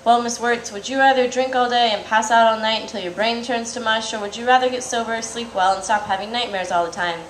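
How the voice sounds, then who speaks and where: A woman's voice: fairly high pitch, steady tone, fairly quick, few pauses, reverberant, slight background noise, lightly acted, poor audio. A woman voicing a blunt male psychiatrist who lectures his patient in a matter-of-fact way. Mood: lecturing. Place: comic shop event.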